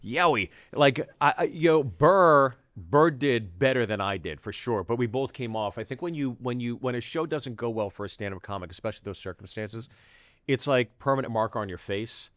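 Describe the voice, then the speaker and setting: Recorded in studio quality with no room sound, a middle-aged Pittsburgh-area comedian tells lively, animated stories in casual chat. His medium-pitched voice is a bit bright, and he swears freely while quickly jumping into characters' voices.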